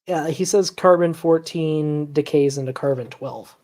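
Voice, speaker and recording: A man hosting a casual reaction stream, calmly explaining science points to his audience. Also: on the high side, measured pace. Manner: relaxed, explanatory, sighs and laughs at the clip. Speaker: stream host.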